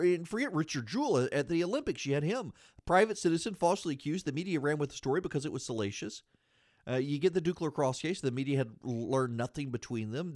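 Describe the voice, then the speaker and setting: In clean studio sound with no echo, a man with a fairly high pitch and a darkish tone hosts a solo podcast. His political commentary is indignant and combative, and he hammers points home by repeating phrases.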